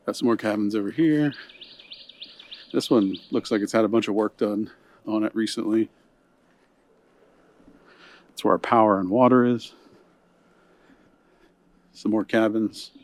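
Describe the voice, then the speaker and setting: A man's voice: fairly low pitch, a little slow, long pauses. A man giving a casual walking tour of a hunting camp outdoors, huffing a little in the heat, recorded on a handheld camera. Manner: relaxed, chatty, points things out as he walks.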